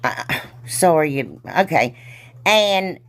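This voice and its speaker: A woman's voice: low voice, expressive, slow pace, vocal fry. A woman hosting a crafting tutorial in chatty voice-over, rambling and teasing herself, often trailing off with a giggle and calling her viewers "y'all.". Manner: loose and giggly, trails off mid-sentence. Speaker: craft channel host.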